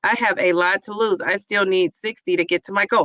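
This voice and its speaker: Speaking briskly in a steady, fairly bright mid-range voice, a livestream host answers her viewers' chat with gushing encouragement. Her talk is loose and rambling, full of fillers. The sound is lo-fi with no room ambience.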